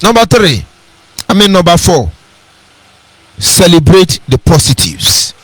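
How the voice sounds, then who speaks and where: A man's voice: high-pitched, huge pitch swings, unhurried, a bit bright, slightly rough, dry recording. A man with a Nigerian accent giving an impassioned, preacherly radio address and repeating his key phrases. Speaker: radio broadcaster.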